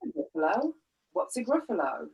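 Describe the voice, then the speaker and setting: A woman's voice: fairly high pitch, very animated, normal speed, recorded from a distance, highs cut off, pitched above the performer's own voice. Hooting storybook owl, falsely polite, a woman playing it. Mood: coaxing. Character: posh, hungry male owl. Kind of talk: reading a picture book aloud.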